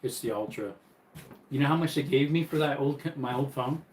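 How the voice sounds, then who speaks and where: A man's voice: medium pitch, a little fast, reverberant, a little hiss or hum, rough recording. Chatty man hosting a live stream. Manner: easygoing and chatty, laughs often. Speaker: livestream host. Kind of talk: casual live-stream chat, reading viewer comments. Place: bedroom.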